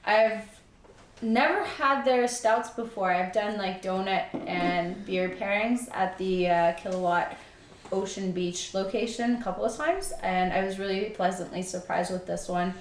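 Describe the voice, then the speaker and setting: A woman's voice: mid-range voice, unhurried, echoey room, recorded from a distance. A woman guest in a casual beer tasting chat, descriptive and giggly.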